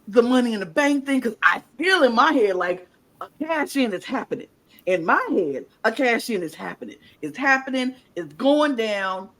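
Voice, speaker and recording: A woman co-hosting a podcast in casual chat, retelling events in a loose, lively way and acting out what people said. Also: on the high side. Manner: animated storyteller, acts out quotes; loose, colloquial phrasing. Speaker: podcast co-host.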